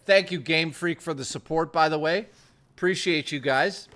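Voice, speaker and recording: A man's voice: a little high, moderate pace, a bit bright. Foul-mouthed streamer man riffing with chat. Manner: profane, joking, reading chat aloud. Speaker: streamer host. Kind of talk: casual livestream chat.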